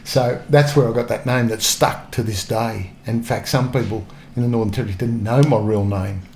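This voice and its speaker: A man's voice: mid-range voice, moderate pace, a little mellow, slight background noise. An Australian man in his sixties, a former police officer, telling anecdotes in a casual interview. He chuckles often and acts out the lines other people said.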